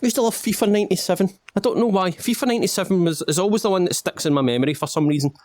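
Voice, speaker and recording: A Scottish gaming channel host with a high, darkish voice races through playful let's-play commentary, rambling with self-mocking jokes and asides to the viewer as he plays. The recording is dry and studio quality.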